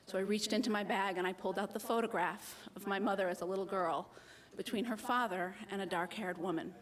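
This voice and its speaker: An American woman in early adulthood telling a personal story at a live slam, animated and self-mocking, acting out the voices of the people she met. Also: mid-range voice, fairly quick. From United States.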